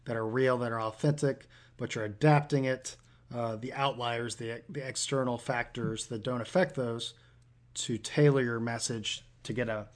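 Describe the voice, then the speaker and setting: A man's voice: medium pitch, steady tone, normal speed. Man interviewer summing up points. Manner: sums up the guest's points before asking the next question. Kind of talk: conversational business interview.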